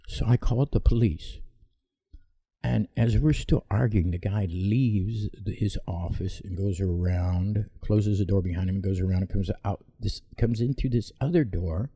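A man tells his viewers a long, wandering story in a low voice. His tone is dark and gravelly, and he speaks bluntly, stopping often to correct himself mid-sentence. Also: normal speed, dry recording. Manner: rambling, self-correcting, blunt. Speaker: vlogger telling a personal story. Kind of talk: casual rambling storytelling.

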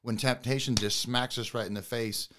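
A man's voice: mid-range voice, steady tone, normal speed, noisy background. A man appearing as a podcast guest, speaking earnestly and plainly about faith with folksy comparisons. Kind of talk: casual faith conversation.

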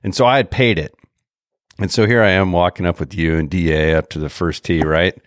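A man with a very low voice co-hosts a casual podcast and talks in a rambling, halting way, full of pauses and restarts. The sound is dry and close, with no room around him. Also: steady tone, no echo. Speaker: podcast co-host. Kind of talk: casual chat.

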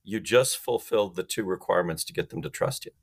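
A man's voice: low-pitched, quick pace, vocal fry. A man talking as a guest expert on a sales podcast. He explains things emphatically and acts out phone calls in different voices.

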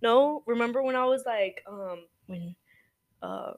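A woman's voice: on the high side, measured pace, highs cut off. A young woman co-hosting a podcast, chatting casually with frequent laughs and rambling fillers. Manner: giggly, rambling with many fillers. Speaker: podcast co-host. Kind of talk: casual chat.

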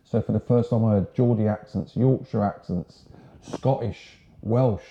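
A man's voice: on the low side, unhurried, warm tone, slight background noise. A man in his sixties from Sussex, England, a former marine telling his story in a casual, frank, rambling way. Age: 60s. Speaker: guest, ex-marine. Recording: roomy, dull lo-fi sound.

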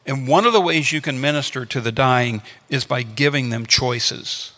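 A man's voice: medium pitch, moderate pace, sharp tone. A man preaching a sermon, teaching earnestly and repeating his phrases to drive points home. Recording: long hall reverb.

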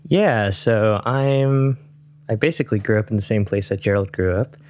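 A man's voice: fairly low pitch, normal speed, darkish tone. Laid-back young man as podcast guest. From Southern California. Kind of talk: casual chat.

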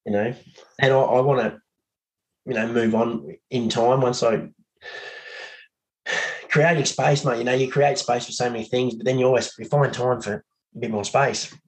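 A man's voice: mid-range voice, steady tone, moderate pace, long pauses, rough recording. A man with an Australian accent, a podcast guest chatting in a laid-back way, laughing easily and swearing. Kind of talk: casual podcast chat.

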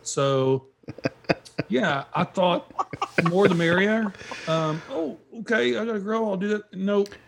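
Guy with a higherish voice, lots of ums, chatting casually. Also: takes it slowly, creaky, noisy background. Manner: hesitant, with many ums. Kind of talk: casual chat.

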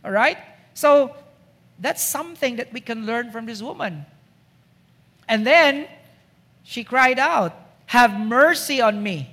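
Woman preacher, slow and emphatic, long church-hall echo. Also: a little high, expressive, fairly bright tone. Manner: emphatic, rhetorical questions. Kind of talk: sermon.

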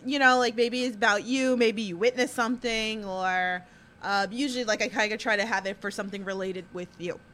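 A woman's voice: medium pitch, fairly even intonation, brisk, fairly bright tone, a little hiss or hum. A woman podcast host asking questions in a chatty, upbeat way with lots of fillers. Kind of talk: casual interview.

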